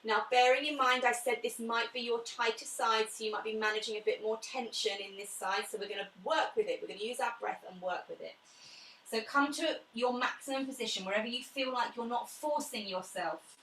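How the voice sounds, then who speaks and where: A woman talks a class through slow stretches and breathing, her calm cues mixed with friendly asides. Her voice sits a little high. She is some way from the mic in a room with a noticeable echo. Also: recorded from a distance, slight background noise. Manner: calm, chatty guidance with soft cues. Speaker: pilates instructor. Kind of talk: guided pilates class. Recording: echoey room, away from the mic.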